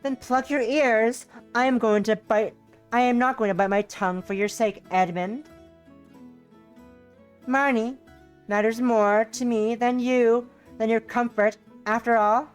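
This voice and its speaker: A woman's voice: a little high, fairly even intonation, a little slow, smooth, soft background music, pitched above the performer's own voice, close to an everyday voice. Woman voicing an earnest, formal young lady. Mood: earnest, defiant. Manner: earnest, old-fashioned formal speech.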